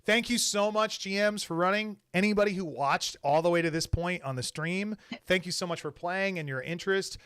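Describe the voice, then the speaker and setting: A man's voice: fairly high pitch, a bit bright, clear, resonant tone, no room sound, studio quality. A man hosting a casual live stream wrap-up, talking loosely with many fillers. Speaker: host and game designer.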